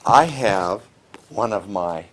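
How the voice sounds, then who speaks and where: A man with a Midwestern American accent speaks to a small studio audience. His voice is low, and he explains things at length in a chatty way after a formal opening. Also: lively intonation, slow pace, fairly bright tone. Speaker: table topics master. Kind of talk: meeting speech.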